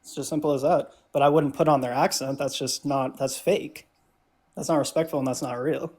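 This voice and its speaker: A man's voice: mid-range voice, fairly even intonation, fairly quick, a little mellow. A young man, a guest in a live debate, defending his view in a hesitant way, often stumbling and restarting. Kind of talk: casual debate on a call.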